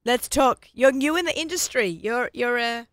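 A middle-aged woman with an Australian accent hosting a radio talk show, chatty and quick to laugh. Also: a little high, no room sound, studio quality. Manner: chatty, laughs often, does little voices when quoting. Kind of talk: casual chat.

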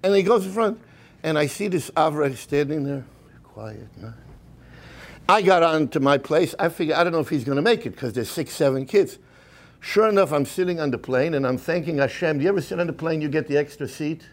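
A man giving a storytelling sermon as a rabbi, animated and mixing in Hebrew and Yiddish terms. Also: on the high side, fairly quick. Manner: animated, acts out the people in his stories.

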